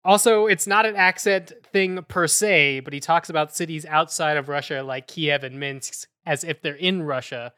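Man, podcast co-host, casual chat, bright tone, dry close sound. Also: a little high, normal speed, hardly any pauses, clean tone, no echo. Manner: chatty, laughing, thinks aloud with fillers.

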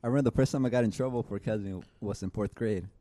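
A man's voice: on the low side, very fast, mellow. A man in casual chat, telling a school story and laughing often.

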